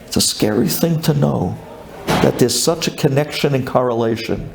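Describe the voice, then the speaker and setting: A man, a rabbi, giving a lively sermon, acting out a grumbling congregant and building up to shouted lines. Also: medium pitch, moderate pace, vocal fry, roomy sound, noisy background.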